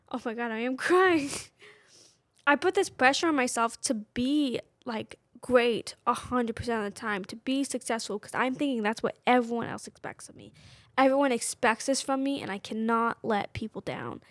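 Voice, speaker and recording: A woman in her twenties co-hosts a podcast in casual chat. She talks in a candid, personal way and sprinkles "like" through almost every phrase. Her voice sits a little high and sounds dry and close, with no room echo. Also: normal speed. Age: 20s. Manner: candid, personal, constant "like" fillers. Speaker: podcast co-host.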